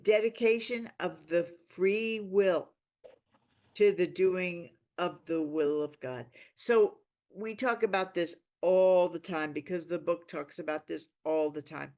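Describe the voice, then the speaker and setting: Slow, earnest woman leading a reading group. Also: lowish voice. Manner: earnest, reflective, with warm laughs. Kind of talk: explaining a spiritual text.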